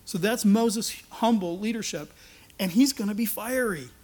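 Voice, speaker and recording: Guy preaching a sermon, pretty high voice, animated and sarcastic. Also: moderate pace. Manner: animated, sarcastic, acts out quoted lines. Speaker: pastor.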